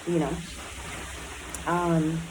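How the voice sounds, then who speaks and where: A woman's voice: low voice, little pitch movement, very slow, over music, poor audio. A woman in a recovery program speaking in a candid personal diary talk, blunt and emotional, swearing often and filling her speech with "like" and "um".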